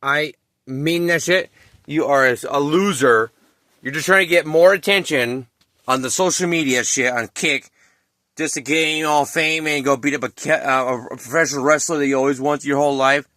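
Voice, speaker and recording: Forceful, cursing young man ranting. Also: fairly high pitch, normal speed, dry recording, clean studio sound. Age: 20s. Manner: heated, profane, repeats himself. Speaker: vlogger. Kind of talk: angry ranting commentary to camera.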